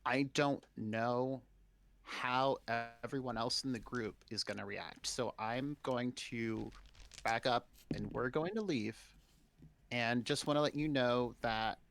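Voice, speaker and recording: A man's voice: mid-range voice, takes it slowly, gravelly, fairly bright tone, dry recording. A man speaking in character in a tabletop game, hesitant and rambling. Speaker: player.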